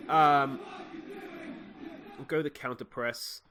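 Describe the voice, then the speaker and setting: Talking a little fast in a voice on the high side, a young Australian man rambles through his football management game as a let's play host, frustrated and restarting often. Crowd noise and other background noise can be heard.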